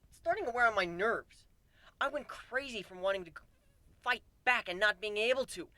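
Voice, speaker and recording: A man giving a dramatic first-person reading of a story, swinging from deadpan asides to animated outbursts. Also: high-pitched, moderate pace, dry recording. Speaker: narrator.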